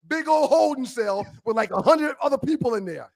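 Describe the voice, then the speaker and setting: High-voiced man telling a loud story. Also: expressive, normal speed, vocal fry, no room sound. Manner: acts out a cop's voice, loud and shouting. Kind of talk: animated storytelling.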